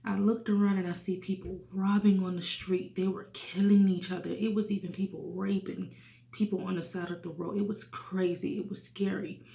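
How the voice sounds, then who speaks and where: A woman's voice: mid-range voice, flat delivery, moderate pace, creaky, reverberant. A woman in her thirties telling a personal testimony in an earnest way, sometimes dropping to a whisper. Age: 30s. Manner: earnest, hushes to a whisper at sad moments. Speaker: testimony speaker.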